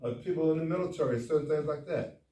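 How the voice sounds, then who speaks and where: Man, doctor giving a conference talk, folksy, higher voice, echoey room, far from the mic. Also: fast talker. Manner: folksy, animated, talks straight to the audience. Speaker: doctor speaking at a men's conference. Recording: echoey hall, far from the mic, faint noise.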